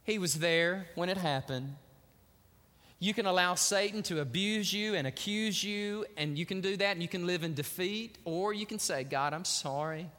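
A male pastor preaching a sermon, an animated storyteller who grows hushed in solemn moments. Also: high-pitched, moderate pace, long reverb tail.

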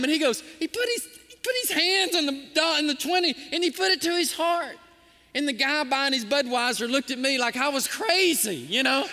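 A man's voice: very high voice, moderate pace, long reverb tail. A man preaching a sermon as a pastor, telling stories and acting out the voices of the people in them. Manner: animated, acts out the voices in his stories. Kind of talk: storytelling sermon.

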